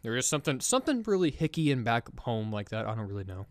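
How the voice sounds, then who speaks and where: A man co-hosting a casual gaming podcast, talking fast and excitedly, laughing and mimicking game characters. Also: lowish voice, smooth, dry recording. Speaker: podcast co-host.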